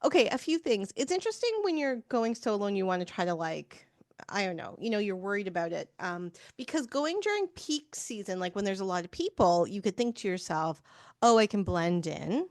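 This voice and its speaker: A woman's voice: mid-range voice, very animated, brisk, a little mellow, dry recording. Reflective woman podcast host, dry sound. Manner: reflective, thinks aloud with fillers. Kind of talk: casual interview conversation.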